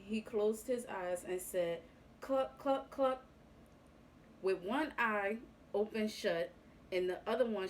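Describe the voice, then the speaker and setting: A woman reading a picture book aloud to young children, with a gentle, expressive storytelling manner. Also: medium pitch, a little hiss or hum, low-quality recording.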